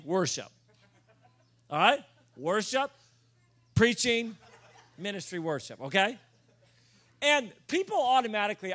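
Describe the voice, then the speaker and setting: A man preaching to a room, telling self-mocking stories in a lively, animated way and breaking into loud comic shouts. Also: high-pitched. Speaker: pastor. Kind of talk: sermon storytelling. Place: church or conference room.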